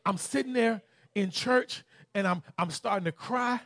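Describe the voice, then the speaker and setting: A man with a Southern US accent preaching a sermon. He shouts scripture, then tells a story in a softer, halting voice. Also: high-pitched, dry recording, studio quality. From Southern United States.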